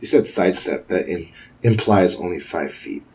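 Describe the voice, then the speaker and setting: Deep voiced player guy, careful, keeps asking about rules. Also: expressive, moderate pace, a little mellow. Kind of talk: casual tabletop game chat.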